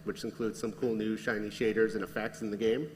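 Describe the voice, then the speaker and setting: A man's voice: lowish voice, level tone, brisk. A man, a game developer, presenting new features on a convention panel in an upbeat way. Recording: echoey hall with faint background noise.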